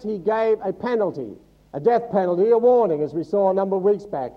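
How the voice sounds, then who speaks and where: Man, pastor, sermon in church, high voice, quizzes the congregation, jokey asides, muffled lo-fi sound. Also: a little fast. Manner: teaching Bible, quizzing the congregation with humorous asides. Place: church service before a congregation.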